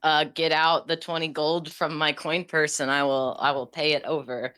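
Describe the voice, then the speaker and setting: A woman's voice: deep voice, level tone, moderate pace, fairly bright tone, clear, resonant tone. A woman playing a tabletop game who speaks in a wry, playful way and laughs often. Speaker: player.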